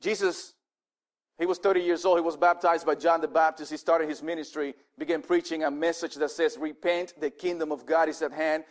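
A male pastor giving a sermon in an animated, conversational way, often restarting his words. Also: a little high, a little fast.

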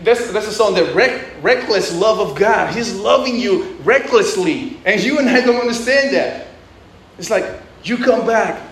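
A man's voice: sits high, expressive, a little slow, fairly bright tone, echoey room, a little hiss or hum, rough recording. A man preaching a sermon in a conversational way, often restarting and adding asides. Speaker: pastor.

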